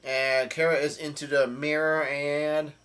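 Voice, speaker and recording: A man's voice: on the high side, flat delivery, measured pace, a bit bright, smooth. A man casually recapping a comic chapter, rambling with many fillers and restarts. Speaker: channel host.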